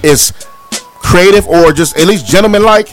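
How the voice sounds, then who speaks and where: A man's voice: high voice, moderate pace, faint music behind. A man co-hosting a talk show, debating in casual chat and acting out other voices as he argues. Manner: animated, acts out other voices while arguing.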